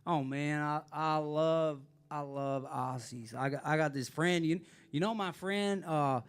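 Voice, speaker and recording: A man's voice: a little high, unhurried, clear, resonant tone, pitched above the performer's own voice, natural voice. A man doing a drawling landlord. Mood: friendly. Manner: drawling, laid-back, repeats himself. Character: easygoing Southern US male landlord, middle-aged.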